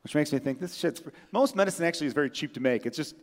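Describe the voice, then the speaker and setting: A man's voice: on the high side, animated, very fast. A man hosting a comedy podcast in casual chat, joking wryly and swearing freely about himself. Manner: wry, profane, self-mocking jokes. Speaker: podcast host. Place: room with friends present. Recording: long hall reverb.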